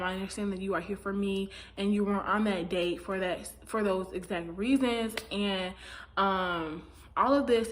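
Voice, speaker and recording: This is a woman in a casual recap, talking freely and voicing her opinions. She leans on fillers and slips into quick impressions of the people she describes. A faint background noise sits under her voice. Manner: chatty, opinionated, acts out quotes with big pitch jumps. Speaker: recap commentator.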